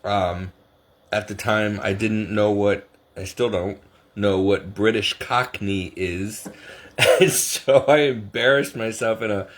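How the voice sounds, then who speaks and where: A man's voice: on the low side, fairly even intonation, slow. A middle-aged man chatting casually to camera, rambling and self-deprecating, often laughing at himself. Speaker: vlogger.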